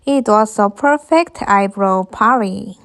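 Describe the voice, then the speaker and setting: A woman, a teacher reading an English picture book aloud to children, slowly and clearly. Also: medium pitch. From Korea. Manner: slow, clear and expressive.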